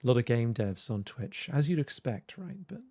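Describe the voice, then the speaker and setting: A man hosts a casual livestream, chatting to viewers in a rambling, hesitant way with many fillers, using a desk microphone and headphones. His mid-range voice is mellow and sing-song at a moderate pace, recorded dry and at studio quality.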